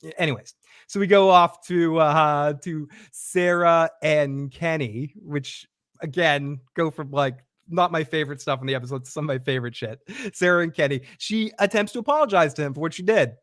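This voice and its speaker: A man co-hosting a casual recap chat about a TV episode, animated and often acting out lines from the scenes. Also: a little high, moderate pace, dry recording, studio quality. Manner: animated, acts out scenes with quoted voices, laughs often. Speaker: podcast co-host recapping a TV episode.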